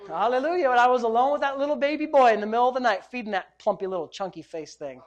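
Middle-aged male pastor, lively joking sermon delivery. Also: very high-pitched, fast, highs cut off. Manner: animated, joking, preacherly exclamations.

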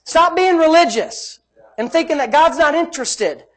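A woman preacher delivers a lively sermon in a fairly high voice. She swings from bold, loud emphasis to soft, hushed asides, and breaks into laughter as she tells homey family stories. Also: moderate pace.

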